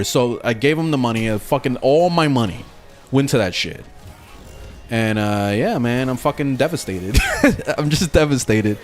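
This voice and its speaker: A man streaming a video game, chatting casually and telling an animated story with lots of swearing, reading questions from chat, faint game music behind him. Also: on the high side, a little fast.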